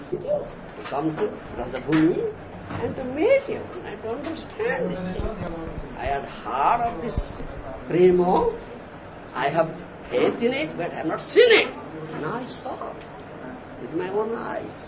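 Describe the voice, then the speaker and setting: High-voiced slow guru prodding listeners. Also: male voice, huge pitch swings. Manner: repetitive, emphatic, often asks "huh?". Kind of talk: devotional lecture with disciples. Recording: muffled noisy archival recording.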